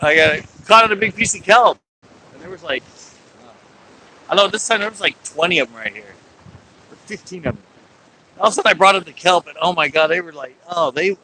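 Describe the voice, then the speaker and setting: Chatty angler, a man with a bright, pushy voice, talking to his stream outdoors. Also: high-pitched, rough recording. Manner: chatty, talks to viewers and yells at sea lions. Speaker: angler livestreaming from a pier. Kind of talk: casual live-stream chat. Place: outdoors on a fishing pier by the sea.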